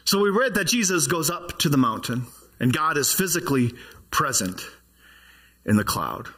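Lively, husky-voiced male pastor. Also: on the high side, moderate pace. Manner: conversational, asks the congregation questions. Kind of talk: sermon. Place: church.

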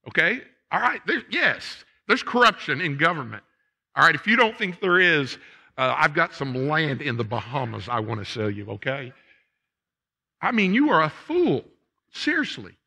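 A man preaching a sermon in a church, folksy and conversational, swinging from quiet reflection to loud punchy asides. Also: on the high side, big pitch swings, normal speed, vocal fry, breathy edge. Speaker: pastor. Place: church sanctuary.

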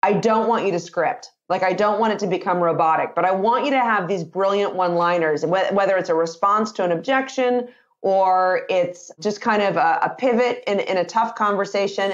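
A communication author and sales trainer in her fifties speaks energetically during a podcast interview, acting out phrases in lively voices. Her pitch is medium, and the audio sounds dull.

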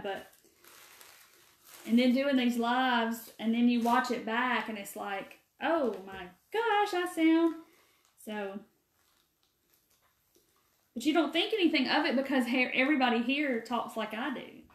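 Speaking with a warm Southern Mississippi drawl and a slightly high voice, a woman runs a chatty live craft demo stream. She talks a little slowly with long pauses, rambles in a folksy, talkative way, and answers viewer comments by name, her words echoing around a bare, empty room.

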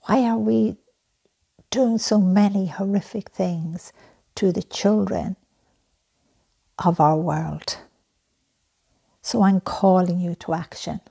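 A middle-aged woman making a heartfelt spoken appeal for a children's charity, soft-spoken and earnest, often slipping into breathy whispers. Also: medium pitch, fairly even intonation, slow, long pauses.

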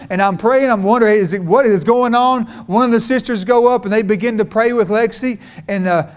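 Fervent high-voiced preacher man. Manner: storytelling, folksy, rising to fervent. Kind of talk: sermon.

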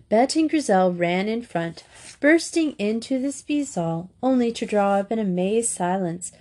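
Casting: woman, warm mellow storybook reader, steady pace. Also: mid-range voice, a little slow. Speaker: audiobook reader. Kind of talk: storybook narration.

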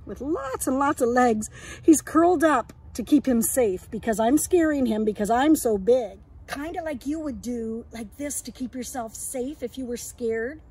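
High, gentle woman teaching kids outdoors. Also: breathy edge. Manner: gentle, sing-song, talks to kids as friends. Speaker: early years educator. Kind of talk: outdoor lesson for young children. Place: outdoors in a yard and woods.

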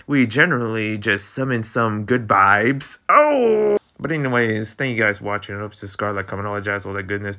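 Animated young man reading a webtoon. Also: mid-range voice. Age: young adult. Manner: animated, jumps between reading and excited reactions. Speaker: webtoon reader. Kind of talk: reading a webtoon aloud with reactions.

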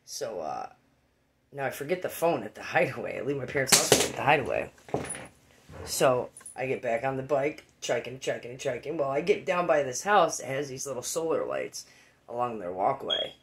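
A man spins a rambling, profane story about a wild night, his voice gravelly and mid-pitched. He jumps into the voices of the people he quotes and keeps the casual, swearing flow going. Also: very animated, moderate pace, slight background noise.

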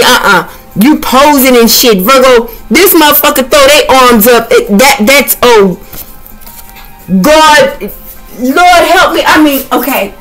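A woman's voice: a little high, poor audio. A woman doing a tarot reading in a brash, comedic way, swearing constantly and hurling colorful insults. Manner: profane, trash-talking, animated. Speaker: tarot reader.

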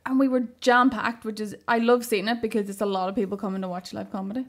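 A woman's voice: medium pitch, fairly even intonation, fast. A woman co-hosting a comedy podcast, speaking earnestly in casual chat. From Northern Ireland. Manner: earnest, supportive, talks over her co-host. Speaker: podcast co-host.

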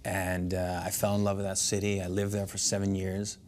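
Thirties actor guest, general American accent learned from a coach, lower pitch, restarts often. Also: male voice, completely flat delivery, slight background noise. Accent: general American, trained. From Netherlands. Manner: thoughtful, halting, many restarts. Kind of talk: interview conversation.

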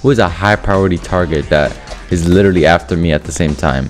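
A man giving animated gameplay commentary over voice chat, swinging between mumbled asides and loud yelling. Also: low-pitched, quick pace, soft background music. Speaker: gaming YouTuber.

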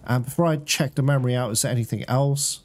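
A man's voice: medium pitch, quick pace, a little mellow. A man giving casual let's-play commentary, chatting to his viewers, laughing and swearing often. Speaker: gaming streamer.

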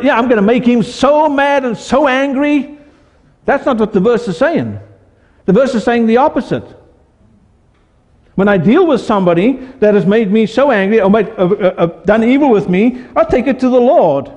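Male pastor, high voice, preaching with call-and-response questions, long church reverb. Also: darkish tone. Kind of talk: sermon.

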